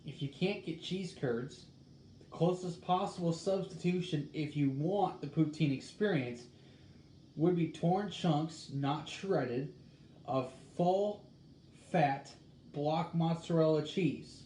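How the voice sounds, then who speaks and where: A man in casual talk, reading a recipe aloud and musing in a halting way as he thinks out loud. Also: a little high. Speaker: host. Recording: echoey room with faint background noise.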